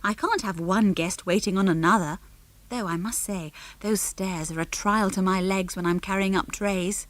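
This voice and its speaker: A woman's voice: mid-range voice, moderate pace, lightly acted. A woman voicing a kindly, harried middle-aged farm wife who talks in a homely, fussing way, in a storybook reading.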